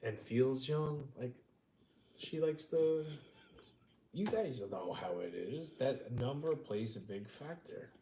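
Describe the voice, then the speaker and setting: A man's voice: medium pitch, animated, slow pace. A man co-hosting a casual eating stream, joking and teasing in a laid-back way. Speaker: co-host of a mukbang stream. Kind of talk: casual chat while eating. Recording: echoey room with faint noise.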